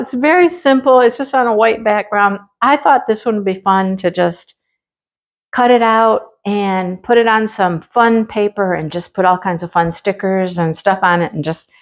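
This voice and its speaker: A chatty middle-aged woman talks through a craft unboxing in a casual, lively way. Her voice sits in a middle pitch and keeps jumping up whenever she is delighted. She also breaks off to talk to her pet. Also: dull audio. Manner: lively and enthusiastic, quick laughs. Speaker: craft vlogger.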